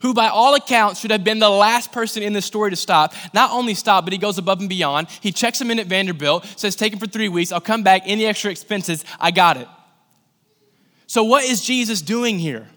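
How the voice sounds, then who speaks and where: A young pastor with a high voice gives a brisk, conversational sermon, acting out little scenes and asides as he tells his stories. A long hall reverb carries through the recording.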